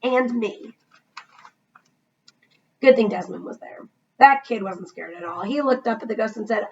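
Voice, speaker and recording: Woman teacher reading aloud to kids, expressive, fairly high voice, muffled and off-mic. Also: measured pace, long pauses. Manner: expressive, asking listeners questions. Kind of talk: children's read-aloud.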